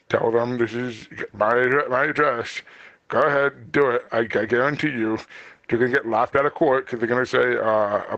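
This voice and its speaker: A man's voice: mid-range voice, a bit bright, dry recording, muffled recording. Stammering, rambling podcast guest man. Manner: stammers and restarts, rambling, laughs often. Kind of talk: casual podcast chat.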